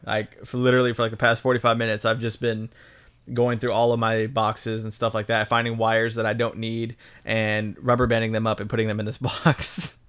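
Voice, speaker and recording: A man's voice: fairly low pitch, monotone, brisk, fairly bright tone, clear, resonant tone. Rambling, profane young man from Texas. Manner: rambling and profane, full of ums and restarts. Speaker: gaming YouTuber. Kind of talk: casual commentary over gameplay.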